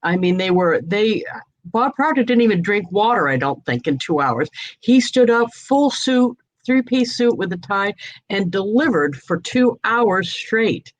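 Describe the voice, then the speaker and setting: A woman's voice: mid-range voice, expressive, unhurried, no room sound, low-quality recording. A woman from New England hosting a casual video chat, telling anecdotes and laughing often. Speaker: host.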